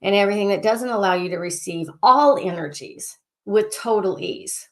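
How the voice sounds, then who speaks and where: An excitable woman coaching a group in a loose, casual way. She circles back and repeats her phrases and clearing statements, stopping herself mid-thought to start again. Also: mid-range voice, moderate pace. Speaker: life coach. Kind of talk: coaching session, casual and repetitive.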